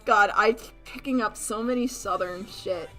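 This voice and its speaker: A woman's voice: mid-range voice, normal speed, soft background music, rough recording. A young woman streaming while she draws, chatting casually and telling stories with lots of laughter and mock voices. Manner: giggly, animated storytelling with frequent laughter and mock voices. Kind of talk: casual livestream chat while drawing.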